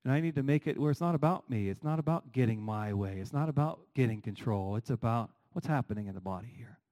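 A middle-aged male pastor delivers a sermon with lively, animated energy. He leans on rhetorical questions and quick asides, and his pitch sits at an ordinary middle register for a man. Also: rough recording.

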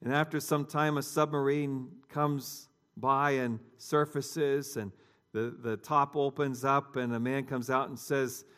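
A man's voice: mid-range voice, flat delivery, measured pace, fairly bright tone, clear, resonant tone. A man preaching a sermon, telling a story conversationally and talking directly to his congregation. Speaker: pastor.

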